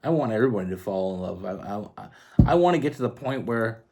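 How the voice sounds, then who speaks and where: Fast and expressive, the low-leaning, darkish voice of a man from Canada carries a casual tarot love reading. The reader is earnest but rambles, restarting frequently.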